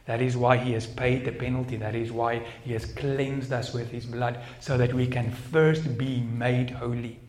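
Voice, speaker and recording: A man's voice: medium pitch, fairly even intonation, normal speed, few pauses, darkish tone. Earnest Afrikaans-accented male pastor, roomy sound. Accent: South African Afrikaans. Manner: earnest, personal storytelling with frequent restarts. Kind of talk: sermon. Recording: echoey room sound.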